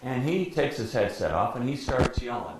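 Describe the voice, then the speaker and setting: A man in his sixties who grew up in Detroit, a sportscaster speaking as guest, telling lively anecdotes and acting out quotes with frequent laughter. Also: mid-range voice, normal speed. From Detroit, USA. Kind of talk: anecdotal storytelling talk. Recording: very echoey room, faint background noise.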